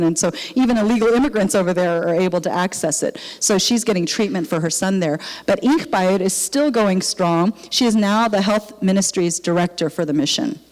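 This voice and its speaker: An older woman, a missionary speaker, giving an animated testimony in church and acting out the dialogue of her story. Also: on the low side. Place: church sanctuary. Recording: long reverb of a church hall.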